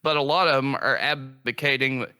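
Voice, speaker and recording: Exasperated man ranting, bright voice. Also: medium pitch, fairly even intonation, fairly quick, clear, resonant tone. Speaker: podcast co-host. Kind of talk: casual podcast chat.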